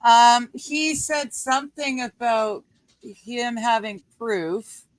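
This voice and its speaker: A woman co-hosting a casual livestream from home, chatting while she crafts, relaxed and laughing often. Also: fairly high pitch, takes it slowly, low-quality recording. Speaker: livestream co-host.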